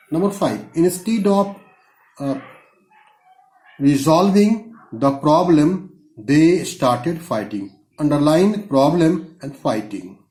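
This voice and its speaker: A man's voice: on the high side, dark tone. Man dictating lesson answers in an echoey room. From India. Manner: dictates slowly, spells out words letter by letter. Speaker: school English teacher. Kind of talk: dictating lesson answers, reading punctuation aloud.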